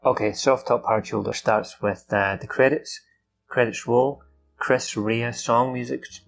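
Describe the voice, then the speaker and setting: A man talks through a film from memory, his voice gravelly and mid-range. He rambles with fillers and restarts and swears now and then as he recaps the plot. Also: mid-range voice, fairly even intonation, a little slow, faint music behind. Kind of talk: casual off-the-cuff recap.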